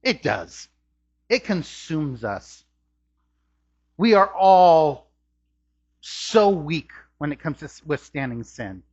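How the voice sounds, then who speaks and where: A man preaches a sermon from a church, his husky voice swinging widely in pitch and climbing on his rhetorical questions. The recording sounds dull and lo-fi. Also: very animated, takes it slowly, long pauses. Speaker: pastor. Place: church sanctuary.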